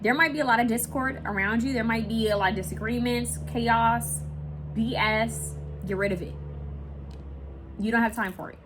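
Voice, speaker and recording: A woman's voice: a little high, normal speed, noisy background. Chatty woman giving a casual card reading. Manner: chatty and rambling, searching aloud for words; swears and laughs casually while talking. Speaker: tarot card reader. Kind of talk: casual pick-a-picture reading.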